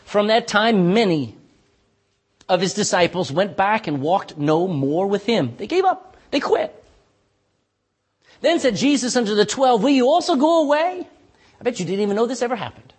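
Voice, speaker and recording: A man preaching a sermon as pastor, impassioned and pleading, with sudden drops to a hush. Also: high voice, sing-song, normal speed, breathy edge.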